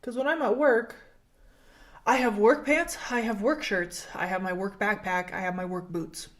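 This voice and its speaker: A woman's voice: mid-range voice, steady tone, moderate pace, rough recording. A young woman from Canada chatting casually while doing her makeup at home, self-deprecating and full of "like". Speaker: beauty vlogger. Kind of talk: casual get-ready-with-me chat. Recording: faint background music. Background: soft background music.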